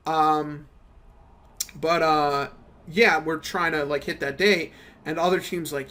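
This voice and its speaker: A man's voice: fairly high pitch, normal speed, fairly bright tone. A young man casually ranting about work while playing a game, profane and slangy, telling stories with quoted back-and-forth. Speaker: gaming channel host. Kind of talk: casual commentary over gameplay.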